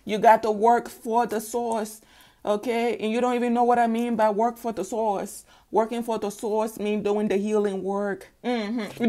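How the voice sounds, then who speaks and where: A woman's voice: on the high side, unhurried. Sassy lady doing a casual tarot reading, laughs a lot. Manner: sassy, animated, laughs often. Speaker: tarot reader.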